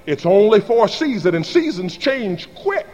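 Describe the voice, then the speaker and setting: A man preaching to his congregation with a high, lively voice that climbs and swoops from line to line. He calls out for answers and acts out little everyday scenes, and his words ring through a big hall with a long reverb. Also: moderate pace, dull audio. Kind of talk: sermon with call-and-response. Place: large hall or church.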